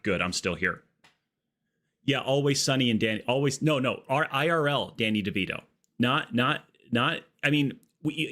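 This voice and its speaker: A man streaming a game live, chatting casually and riffing jokes with his chat. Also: fairly low pitch. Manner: jokey, riffing excitedly with chat.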